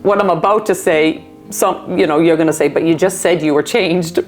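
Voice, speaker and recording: A woman's voice: on the low side, fairly quick, faint music behind. A woman in her fifties, a guest in a casual interview, telling stories animatedly and acting out voices. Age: 50s. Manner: animated storyteller, acts out voices, giggles. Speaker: interview guest, artist and decorator.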